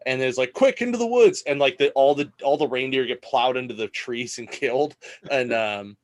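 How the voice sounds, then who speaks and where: Relaxed rambling man co-host. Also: medium pitch, normal speed. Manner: rambling, relaxed, restarts a lot. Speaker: podcast co-host. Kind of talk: casual chat.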